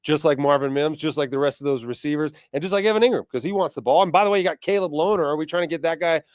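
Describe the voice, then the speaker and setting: A man co-hosting a sports talk show, chatty and teasing, quickly running through lists of players. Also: on the high side, no echo, studio quality. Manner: chatty, teasing, rattles off names. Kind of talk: sports talk radio chat.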